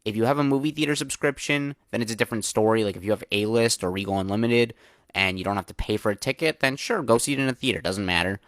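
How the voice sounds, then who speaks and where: A man's voice: on the low side, quick pace, a bit bright, no room sound, studio quality. A young man hosting a solo movie review podcast, chatting casually with lots of filler words and candid opinions.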